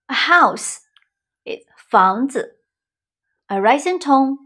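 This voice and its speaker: A woman teaching beginner vocabulary, saying each word slowly and repeating it several times. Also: on the high side, lively intonation, a bit bright. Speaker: Chinese teacher. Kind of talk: slow vocabulary lesson with repetitions.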